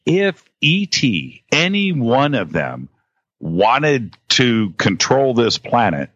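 A man in casual conversation as a guest, talking in halting bursts with many restarts and repeated words. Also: medium pitch, very animated, a bit bright, no echo. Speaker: podcast guest. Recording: dull lo-fi audio.

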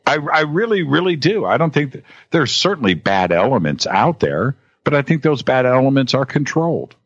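A man in casual conversation as a guest, talking in halting bursts with many restarts and repeated words. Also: medium pitch, sing-song, breathy edge, no echo. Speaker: podcast guest. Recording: dull lo-fi audio.

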